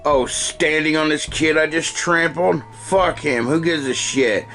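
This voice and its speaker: A man's voice: fairly high pitch, measured pace, sharp tone, faint music behind. A man voicing a brutish, foul-mouthed monster-man who sneers and swears at everyone. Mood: sneering.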